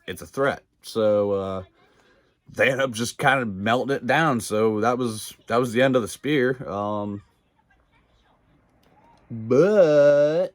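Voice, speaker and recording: A man's voice: on the low side, no room sound. A man casually recapping a TV episode, rambling with many fillers, cursing freely and laughing along. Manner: rambling, profane, filler-heavy, laughs often. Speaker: video reviewer.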